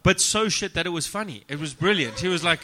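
A South African man, a comedian guest, telling stories in a deadpan, profane, self-mocking way in a casual podcast chat. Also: fairly high pitch, fast talker.

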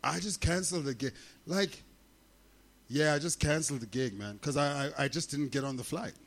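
Man, comic guest storyteller, high-pitched, animated and swearing freely. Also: normal speed. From South Africa. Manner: animated, profane, laughing often. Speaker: comedian guest. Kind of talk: comic storytelling in casual chat.

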